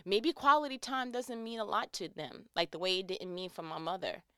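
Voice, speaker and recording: A woman's voice: mid-range voice, fairly even intonation, normal speed, fairly bright tone, clean tone, no echo, studio quality. A woman telling a personal story in a candid, conversational monologue.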